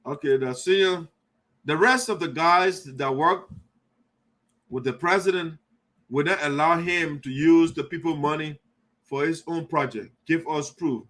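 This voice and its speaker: A Liberian man hosts a live online call-in talk show, passionately arguing with callers and repeating his points over and over. His voice is on the high side and fairly bright, and he speaks at a measured pace.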